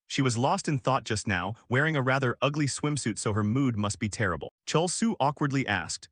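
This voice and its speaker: A man narrating a comic recap story in a steady, even reading. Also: medium pitch, a little fast, hardly any pauses, no echo, clean studio sound.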